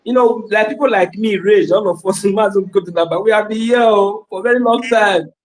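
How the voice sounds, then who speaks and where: A man's voice: high voice, normal speed, poor audio. A man with a Nigerian accent chatting casually, teasing in Pidgin and thanking others, often repeating his phrases. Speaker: community member. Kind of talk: casual chat.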